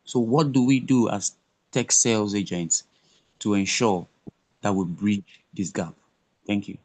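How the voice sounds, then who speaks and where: A man's voice: fairly low pitch, steady tone, unhurried, darkish tone. A man in the audience of a sales bootcamp, earnestly asking the trainer a question.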